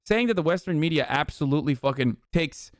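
A man's voice: a little high, expressive, fairly quick, no room sound, clean studio sound. Angry, profanity-heavy male streamer. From American South. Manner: profane, angry, incredulous, sudden shouts. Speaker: streamer reacting to a clip. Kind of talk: heated reaction commentary.

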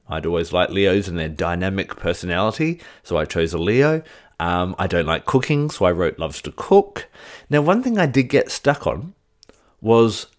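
A middle-aged man teaching in a casual, chatty way, with light joking asides. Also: fairly low pitch. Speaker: crystal teacher. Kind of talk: casual teaching chat to camera.

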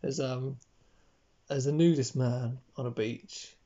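A man co-hosting a podcast in casual chat, jokey and quick to laugh, on a dull lo-fi recording. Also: mid-range voice, steady tone, dark tone. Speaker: podcast co-host.

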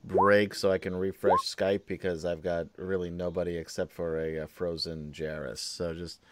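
A man playing in and hosting an online tabletop game, talking quickly and casually. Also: low-pitched, little pitch movement, heavy background noise. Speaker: player and stream host. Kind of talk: casual chat.

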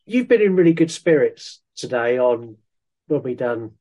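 A man's voice: medium pitch, expressive, moderate pace, mellow. A man co-hosting a podcast in casual chat, bringing up news items with enthusiasm. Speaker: podcast co-host.

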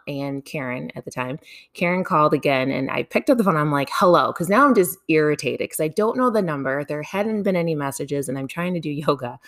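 A woman casually telling a personal story to her viewers, animated, laughing often and swearing now and then. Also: deep voice.

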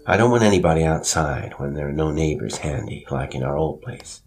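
A dry, slightly pompous storybook father, as a male narrator puts him on. The voice sits very low and speaks with calm authority. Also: a little fast, vocal fry, soft background music, full character voice. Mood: stern. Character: bookish middle-aged father, storytelling.

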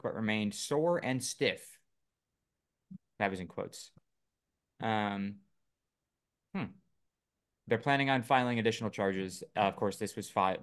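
A man co-hosting a casual podcast, reading news items aloud with lots of fillers and joking asides. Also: on the low side. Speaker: podcast co-host. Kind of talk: casual chat.

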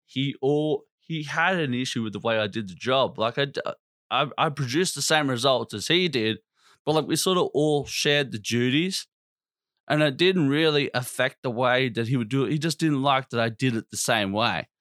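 A man's voice: mid-range voice, moderate pace, a bit bright, no echo, clean studio sound. A man hosting a podcast, ranting in a casual, blunt and constantly profane way. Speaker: podcast host.

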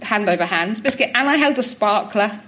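A woman's voice: medium pitch, lively intonation, fairly quick, bright, forceful tone. A woman guesting on a live comedy podcast in a theatre, cheerful, laughing often and breaking in with sudden involuntary tic words. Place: theatre stage before a live audience. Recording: live stage audio with audience noise.

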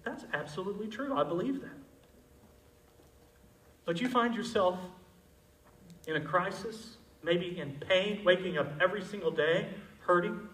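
A male pastor preaching a sermon, moving between loud, emphatic passages and quiet, intimate ones. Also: sits high, normal speed, long pauses, reverberant, far from the mic, rough recording.

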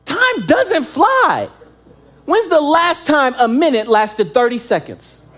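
A young man preaching a sermon as pastor, animated and joking, acting out little scenes as he goes. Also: extremely high pitch.

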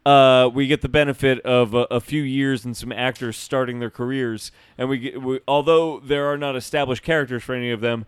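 Podcast co-host, man, smooth clear voice, dry sound, wry jokes. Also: medium pitch, steady tone, a little fast, few pauses, dry recording. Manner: wry, jokey, swearing asides. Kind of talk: casual movie review chat.

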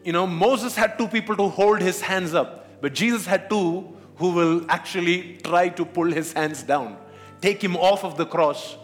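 A man's voice: high voice, measured pace, soft background music. A man preaching a sermon as pastor, asking questions of the congregation. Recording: long hall reverb.

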